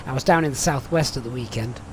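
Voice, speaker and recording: A man's voice: medium pitch, fast talker, noisy background. A man with a Yorkshire accent chatting and joking with viewers while flying a simulator on a live stream. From Sheffield, England. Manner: chatty, jokey, reads out viewer messages. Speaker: flight sim streamer.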